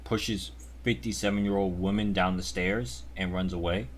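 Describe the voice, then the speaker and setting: A man's voice: sits low, fairly even intonation, moderate pace, slight background noise. A man hosting his channel and giving reaction commentary in a sarcastic mock rant that turns blunt and profane. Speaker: channel host.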